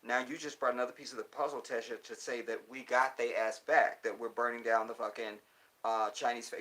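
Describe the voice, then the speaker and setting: Man, Texas accent, bright edgy voice, casual phone livestream chat, reads comments, heated rants. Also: mid-range voice, brisk. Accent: Texan. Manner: animated, swings into heated profane rants. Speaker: livestream host reading viewer comments.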